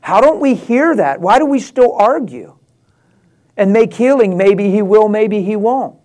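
Man, preacher, sermon, high-pitched voice, passionate, acts out quotes. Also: expressive, unhurried. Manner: drops to a hushed prayerful tone near the end.

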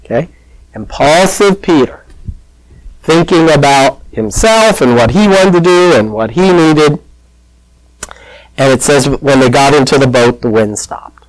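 A man's voice: on the high side, lively intonation, unhurried, long pauses, no echo, rough recording. A man preaching a conversational sermon, telling the story in a chatty, plain-spoken way.

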